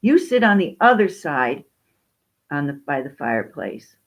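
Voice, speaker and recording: A woman's voice: low voice, very animated, measured pace, voice pushed down, exaggerated voice. A woman voicing a proud, self-assured male peacock in a storybook tale. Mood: confident.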